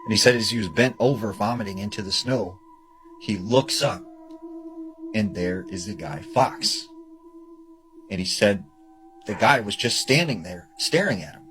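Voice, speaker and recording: A man's voice: fairly low pitch, expressive, moderate pace, pauses often, a bit bright, rough recording. A man casually retelling a scary story he heard, loose and chatty with lots of fillers. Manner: loose and chatty, full of "you know" and "like". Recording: music bed under the voice.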